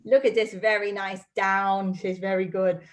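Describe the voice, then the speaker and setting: A woman's voice: mid-range voice, level tone, measured pace. A woman dog trainer teaching a live online class over a video call from her home study, upbeat and chatty with frequent ums.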